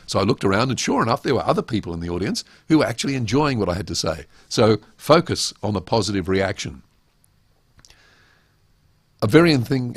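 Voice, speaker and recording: A man's voice: medium pitch, breathy edge, no echo, studio quality. A middle-aged man giving a webinar lecture on public speaking, emphatic and full of rhetorical questions.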